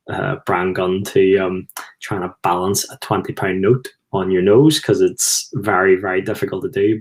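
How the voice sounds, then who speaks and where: A middle-aged man with a Belfast accent, telling rambling anecdotes in a casual talk to camera. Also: deep voice. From Belfast, Northern Ireland. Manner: rambling, anecdotal, chuckles at own stories. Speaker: host, former footballer.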